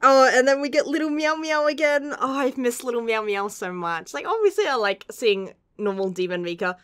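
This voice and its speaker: A woman's voice: sits high, expressive, moderate pace, clear, resonant tone, dry recording, clean studio sound. A young woman gushing through a casual manga chapter review, laughing often and swearing casually.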